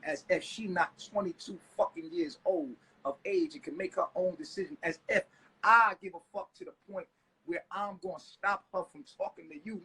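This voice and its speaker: A man ranting on a live stream, agitated and profane, now and then breaking into shouts. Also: high voice, moderate pace, slightly rough, low-quality recording. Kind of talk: heated live stream rant.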